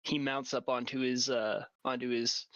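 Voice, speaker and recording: A man getting over a cold, with a sore throat, narrates a tabletop game as dungeon master, talking casually with lots of fillers and restarts as he describes scenes. His mid-range voice is a bit bright with fairly even intonation and a measured pace. The recording has no echo, and the highs are cut off.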